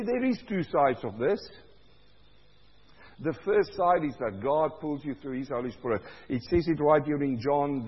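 A male pastor preaching a sermon, swinging between loud cries and low, quiet stretches, with a husky voice. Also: in a large hall, dull audio.

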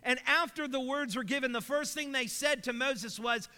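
Male preacher with a bright, sharp tone. Emphatic sermon delivery, recorded in a reverberant hall. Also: extremely high pitch, normal speed, few pauses, clean tone. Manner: emphatic, asks rhetorical questions.

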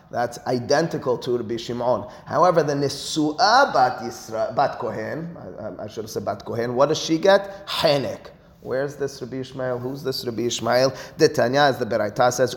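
A man teaching a Talmud class in an animated, emphatic way, with quick asides and rhetorical questions. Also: mid-range voice. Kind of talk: classroom lecture.

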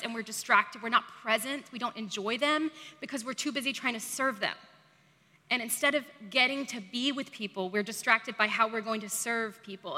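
A woman delivers a sermon in a relaxed, chatty way, often leaning on "like" and poking fun at herself. Her voice sits a little high and sounds bright and forceful. The sound carries a long reverb, as in a large church hall. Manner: chatty and self-deprecating, heavy use of "like". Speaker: preacher. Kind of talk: conversational sermon. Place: church service.

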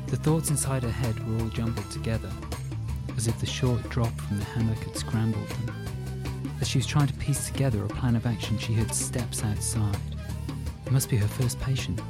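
A man narrating an audiobook in a measured, steady reading. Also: fairly low pitch, creaky, over loud music.

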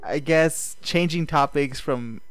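A man's voice: on the high side, slow, fairly bright tone, clean tone, no echo. Young guy cohost, teasing and wry, dry close mic. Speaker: podcast co-host. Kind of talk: casual chat.

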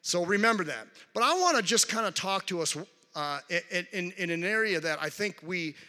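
A man's voice: high voice, animated, moderate pace, pushed and bright, big-room sound. A male pastor preaching a conversational sermon to his congregation, with frequent restarts and call-outs to the crowd. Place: large church hall.

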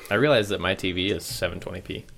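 A man's voice: deep voice, quick pace, vocal fry, fairly bright tone, slight background noise. A man co-hosting a podcast, laid-back and chatting casually. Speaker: podcast co-host. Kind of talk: casual chat.

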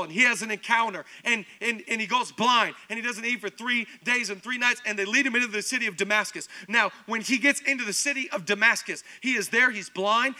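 A male pastor delivers a sermon in a high, strikingly bright and sharp voice. He tells stories with animated energy and slips into quoted voices for the people in them.

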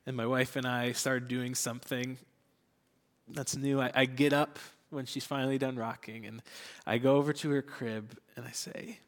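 Speaking at normal speed in a medium pitch with little pitch movement, a young male church pastor delivers an earnest, candid sermon. He laughs lightly and drops to a soft whisper at tender points. A long reverb tail trails his words.

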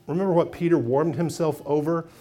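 A man's voice: fairly high pitch, fairly quick. A man preaching a sermon as pastor, retelling a story expressively and acting out its voices. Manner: expressive storytelling, acts out quotes.

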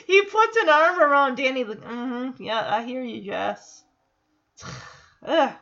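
A woman's voice: sits high, lively intonation, slow pace, a bit bright, lo-fi sound. Sarcastic woman recapping a sitcom. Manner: sarcastic, laughs often, reads out lines. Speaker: episode recapper. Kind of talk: casual recap commentary.

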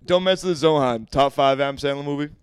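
A man's voice: a little high, brisk, smooth, dry recording. A young man hosting a podcast, chatting casually about basketball in a rambling, profane way. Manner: rambling, profane, laughs often. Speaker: podcast host. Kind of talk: casual sports chat.

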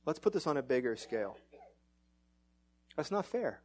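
A middle-aged man preaching a sermon as pastor, animated and self-mocking, his voice climbing when excited. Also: on the high side, moderate pace.

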